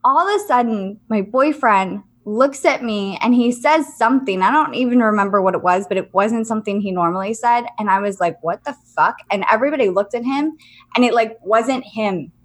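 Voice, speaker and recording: A young woman with a fairly high voice tells a ghost story on a casual podcast. She is animated and laughs often, and she swears freely as the tale builds. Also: fairly quick. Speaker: podcast co-host.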